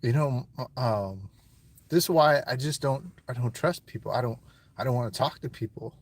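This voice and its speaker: Emotional male interviewee outdoors, halting and profane, near tears. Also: mid-range voice. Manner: halting, repeats words, heavy swearing.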